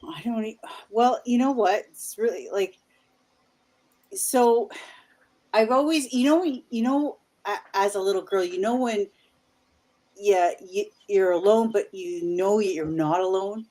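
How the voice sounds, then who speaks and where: A Canadian paranormal investigator in her fifties appears as a guest, telling stories in a rambling, casual chat full of restarts and asides. Her medium-pitched voice is mellow and moves at a measured pace.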